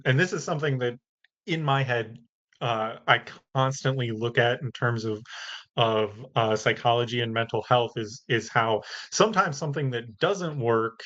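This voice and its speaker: Man, podcast host, thoughtful and rambling, mid-pitched, slightly dull lo-fi sound. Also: a bit bright. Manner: rambling, thoughtful, laughs lightly. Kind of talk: casual podcast conversation.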